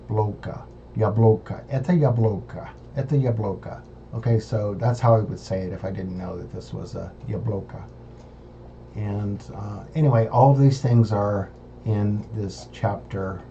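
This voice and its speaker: A man with an American accent working through a study session, thinking aloud in a halting way as he sounds out syllables one by one. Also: on the low side, gravelly, warm tone, muffled recording, slight background noise. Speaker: language learner. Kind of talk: self-recorded study session.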